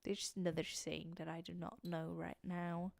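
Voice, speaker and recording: A sleepy, tired young woman streamer with a British-tinged accent chats and rambles on a late-night livestream, full of restarts and fillers. Her lowish voice is level and moderately paced, with vocal fry and no echo.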